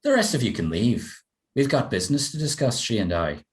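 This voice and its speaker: Man doing a creepy masked stranger in a tabletop game, smooth and smug, shushing everyone. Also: medium pitch, sing-song, a little fast, lightly acted. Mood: dismissive. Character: mysterious cloaked masked stranger, smug and menacing.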